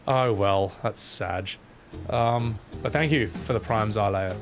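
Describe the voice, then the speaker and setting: A man's voice: medium pitch, big pitch swings, fairly quick. A man streaming a game, commenting with crude jokes and self-mocking asides over faint music.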